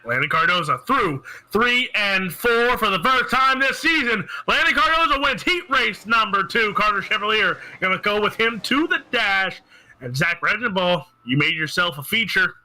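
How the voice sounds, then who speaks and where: Brief: male sim racing announcer, high and very bright voice, teasing banter. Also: animated, moderate pace, low-quality recording. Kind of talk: play-by-play commentary.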